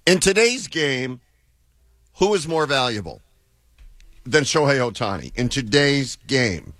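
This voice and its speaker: A man's voice: mid-range voice, sing-song, unhurried, a bit bright, no echo. A man hosting a sports talk radio show, taking calls and bantering with his co-host.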